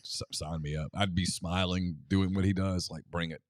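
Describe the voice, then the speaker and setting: A man's voice: low voice, steady tone, normal speed, no room sound. A middle-aged man co-hosting a casual sports talk show, chatty and exasperated with laughing asides. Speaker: co-host.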